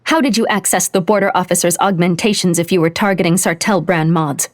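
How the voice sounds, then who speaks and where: A woman's voice: lowish voice, a little fast, pitched above the performer's own voice, lightly acted. A woman narrator voicing a female lieutenant interrogating a suspect in a clipped, level tone. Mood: cold. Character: controlled female lieutenant, coldly angry.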